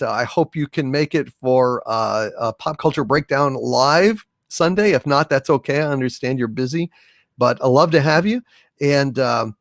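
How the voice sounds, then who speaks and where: A man's voice: mid-range voice, no room sound, clean studio sound. A man hosting a casual live stream, reading viewer messages and thanking donors in a grand, effusive way. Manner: effusive, thanks donors with grand hails, hums little fanfares. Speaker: livestream host.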